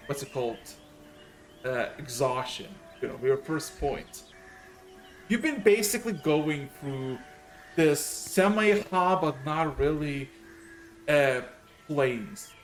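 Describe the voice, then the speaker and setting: Slow, halting man running the game. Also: medium pitch, a little hiss or hum. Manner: hesitant, many filler sounds. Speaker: game master. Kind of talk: narrating a tabletop game.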